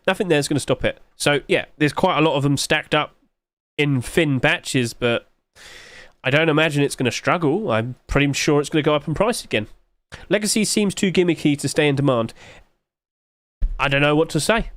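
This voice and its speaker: Man, streamer, casual thinking-aloud commentary, rhetorical questions, slightly high voice. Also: moderate pace, a bit bright, dry recording.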